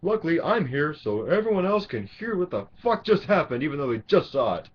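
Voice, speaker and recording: A man putting on the voice of an obnoxious moviegoer who explains the film out loud, in a mocking, whiny tone. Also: on the high side, big pitch swings, fairly quick, a little hiss or hum, voice pushed up. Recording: dull lo-fi recording.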